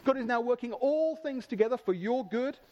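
A man preaching a sermon with enthusiasm, slowing down to stress key words. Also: extremely high pitch, animated, dull audio.

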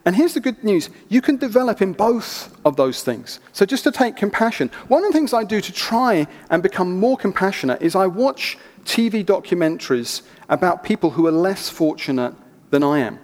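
A man preaching a sermon, telling stories in an animated, chatty way with asides. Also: high-pitched, normal speed. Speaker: pastor. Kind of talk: sermon with storytelling. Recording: reverberant church hall.

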